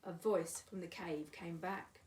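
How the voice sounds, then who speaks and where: A woman's voice: lowish voice, fairly even intonation, unhurried, darkish tone, recorded from a distance. Woman reading a rhyming picture book. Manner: sing-song rhyming delivery. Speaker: volunteer storyteller. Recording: echoey room, away from mic.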